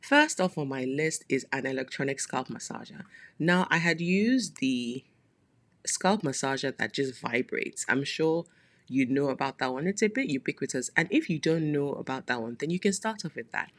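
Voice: mid-range voice, animated, moderate pace, a bit bright. A podcast host talking casually in a solo monologue, chatty and playful, with frequent laughing asides.

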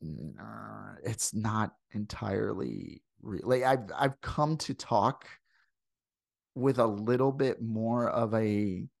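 Midwestern American man, podcast host, low gravelly voice, dry close sound, rambling chatty delivery. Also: takes it slowly, no room sound. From St. Louis, USA. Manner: rambling, digressive, many fillers. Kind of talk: casual podcast chat. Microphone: video call.

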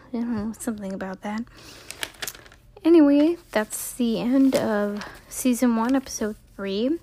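A woman's voice: on the high side, expressive, moderate pace, warm tone. A young woman recapping a TV episode in a casual, rambling way, full of "like" and acted-out character lines, sounding tired.

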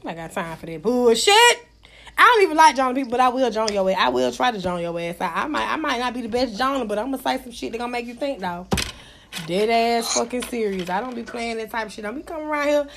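A young woman tells raunchy stories in a brash, mocking voice. She sits high in her range, swears freely and keeps laughing at her own jokes. A faint hiss runs under the recording. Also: animated, fast talker, creaky, a bit bright. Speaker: storyteller. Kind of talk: casual raunchy storytelling.

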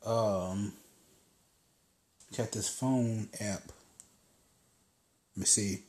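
Low-voiced man rambling in an echoey room. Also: very slow, a little mellow. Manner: loose, storytelling, swears freely. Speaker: podcast host. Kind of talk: casual rambling monologue. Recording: roomy echo.

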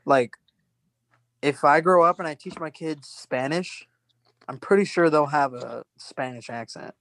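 A man's voice: fairly high pitch, measured pace, fairly bright tone, dry recording. A young man co-hosting a casual chat with friends, rambling through stories with lots of "like" and frequent laughter. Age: young adult. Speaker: podcast co-host.

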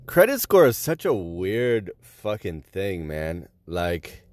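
A man's voice: low voice, very animated, takes it slowly, a little mellow, no room sound, clean studio sound. A man hosting a comedic news monologue in a sarcastic, crude, self-mocking way, sick with a stuffy nose.

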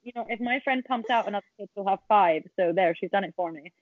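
A woman's voice: mid-range voice, fast talker, no echo. A woman, a podcast guest chatting bluntly and animatedly over a remote call, swearing freely. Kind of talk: casual interview chat. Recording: tinny phone-like call audio.

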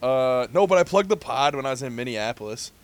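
A young man co-hosting a casual podcast, telling stories and acting out quoted people in high squeaky voices. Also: animated, fairly quick. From Midwestern US. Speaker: podcast co-host.

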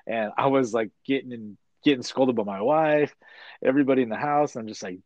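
A middle-aged man in casual chat, an animated storyteller who says "dude" a lot. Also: medium pitch, fairly quick, no room sound, dull audio. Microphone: video call.

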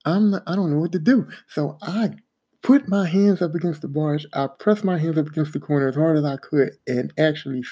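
A man casually telling a profane, animated story about a job that went wrong. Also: on the high side, husky. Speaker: podcast host telling work stories. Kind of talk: casual spoken anecdote.

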